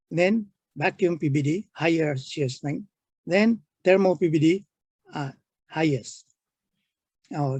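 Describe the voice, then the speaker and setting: An older man giving a halting technical engineering lecture, walking through slides step by step. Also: fairly high pitch, a little mellow, slightly rough, no echo. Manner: slow, halting, pointing at slides.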